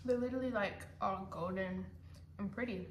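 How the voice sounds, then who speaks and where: A woman's voice: medium pitch, normal speed. A young woman vlogger chatting casually and rambling, sometimes talking with her mouth full while eating at home. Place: indoors at home, sitting hunched over. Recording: roomy home recording with faint noise.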